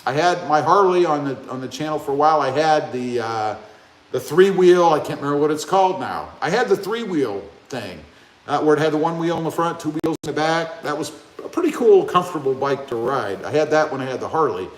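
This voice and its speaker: A man's voice: fairly high pitch, animated, a little fast. A man from Ohio hosting a casual live stream, reading viewer comments aloud and joking back at them. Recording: echoey room.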